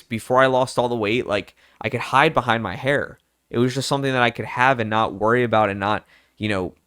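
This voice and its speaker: A man's voice: mid-range voice, a bit bright, clear, resonant tone, no echo, clean studio sound. A young man vlogging in a candid, rambling way, full of fillers and quoted thoughts. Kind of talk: personal casual chat.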